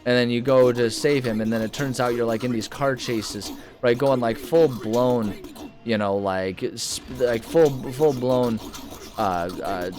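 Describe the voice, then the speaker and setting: Over background music, a young man gives unhurried let's-play commentary in a medium-pitched voice. He jokes, rambles, talks to himself, and mocks himself as he plays.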